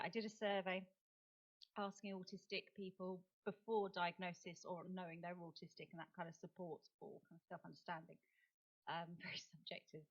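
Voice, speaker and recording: A woman's voice: medium pitch, a bit bright. Self-deprecating English woman giving a chatty talk. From England. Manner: self-deprecating, chatty, with many fillers and restarts. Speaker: autism campaigner and speaker. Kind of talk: conversational talk at a forum. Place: lecture hall. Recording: dull lo-fi recording.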